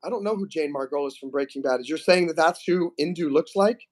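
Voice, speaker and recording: A man in his forties hosts a live stream in a rambling, enthusiastic way. His voice sits high for a man, and he teases and jokes as he goes. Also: quick pace, darkish tone. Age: 40s. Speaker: host.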